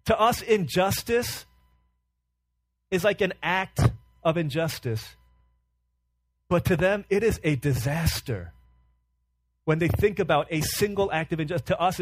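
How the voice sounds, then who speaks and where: A man preaches with fervor, piling up rhetorical questions and dropping to hushed tones for emphasis. His voice sits fairly high for a man, and the close, dry recording leaves almost no room sound. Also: moderate pace, long pauses, dry recording. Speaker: pastor. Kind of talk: sermon.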